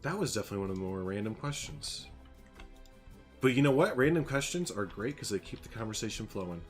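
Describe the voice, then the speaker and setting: A man's voice: fairly low pitch, animated, quick pace, faint music behind. A man live-streaming a game, chatting casually with his viewers in a rambling, jokey way and laughing often.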